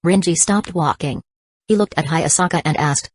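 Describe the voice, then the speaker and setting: Woman reading an audiobook, low voice, steady and even, dry close sound. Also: normal speed, no room sound. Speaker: audiobook narrator. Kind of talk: scripted narration.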